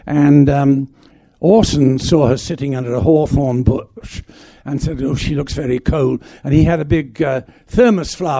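An older man from England recounts his memories with a dark, gravelly voice. He talks in a halting, reminiscing way, restarting phrases often. The sound is close and dry. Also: a little high, no room sound. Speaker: guest actor. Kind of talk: anecdotal stage conversation.

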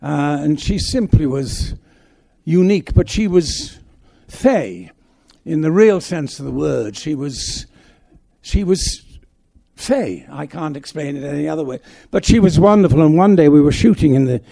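An older man from England recounts his memories with a dark, gravelly voice. He talks in a halting, reminiscing way, restarting phrases often. The sound is close and dry. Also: fairly high pitch, lively intonation, no room sound. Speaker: guest actor. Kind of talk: anecdotal stage conversation.

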